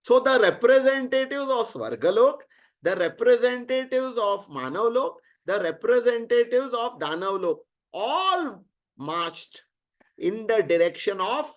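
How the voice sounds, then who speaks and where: A man with an Indian accent teaching through an animated story, mixing English with Hindi and putting rhetorical questions to his listeners. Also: high-pitched. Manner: switches freely between English and Hindi. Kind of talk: storytelling lecture.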